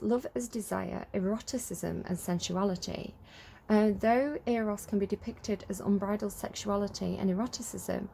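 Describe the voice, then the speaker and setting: A young woman talks through a tarot reading in a loose, rambling way, often stopping to correct herself as she reads card text aloud. Her voice has a gravelly fry to it and a warm, mellow tone. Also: medium pitch. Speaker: tarot reader.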